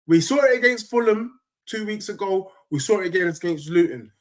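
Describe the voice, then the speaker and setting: A man chatting live to viewers after a football match, in animated, slangy banter. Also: sits high, fairly quick. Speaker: football fan streamer. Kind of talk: live stream chat reacting to a match.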